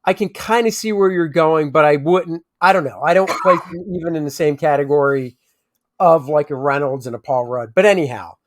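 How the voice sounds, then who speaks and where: A man with a fairly high voice talks at a moderate pace as co-host of a casual movie review podcast. He rambles and keeps restarting his sentences while hunting for names.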